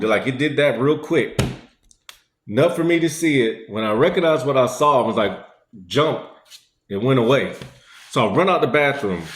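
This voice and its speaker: Man telling a story in an echoey room. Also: mid-range voice. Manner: rambling, conversational, many fillers. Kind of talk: casual spoken storytelling.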